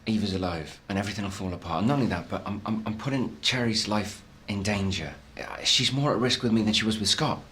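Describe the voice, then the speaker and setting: An anxious man carrying a heavy secret, played by an actor, with a low but bright, forceful voice. He stumbles over his words as he worries aloud. There is a faint hiss behind him. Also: lightly acted. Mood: worried. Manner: halting, worried. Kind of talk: TV drama acting.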